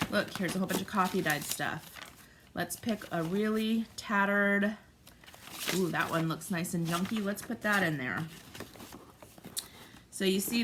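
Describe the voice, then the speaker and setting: A woman in her forties giving a casual craft tutorial at home, chatty and thinking aloud with frequent ums. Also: medium pitch. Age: 40s. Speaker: craft vlogger. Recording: steady background noise, paper crinkling.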